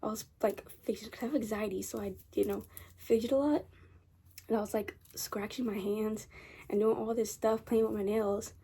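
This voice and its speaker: Husky-voiced teen girl telling a story. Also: mid-range voice, steady tone, moderate pace, warm tone. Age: teens. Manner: chatty, rambling, repeats herself. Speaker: vlogger. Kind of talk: casual storytime chat. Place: bedroom at night.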